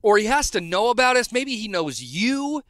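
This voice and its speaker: A man's voice: high-pitched, very animated, normal speed, fairly bright tone, no room sound, clean studio sound. A man on a podcast telling a casual story, rambling with many restarts. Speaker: podcast co-host.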